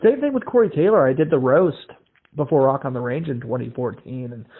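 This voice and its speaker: A man's voice: mid-range voice, animated, fairly quick, breathy edge. A male podcast host from Iowa, telling stories in casual chat, acting out the voices in them and swearing freely. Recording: tinny phone-like lo-fi audio.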